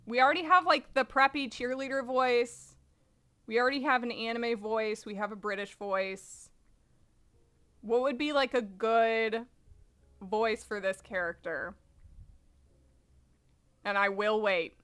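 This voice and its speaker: A woman with a high voice chats casually on a live stream while reading a comic aloud. She talks at a slow, unhurried pace, swears offhandedly and laughs a lot, speaking close to a desk microphone. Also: fairly bright tone.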